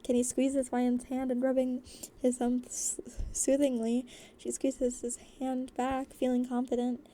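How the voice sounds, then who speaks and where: A woman voice actor narrating a fan story in a lively, giggly way. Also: fairly high pitch, measured pace, a little hiss or hum.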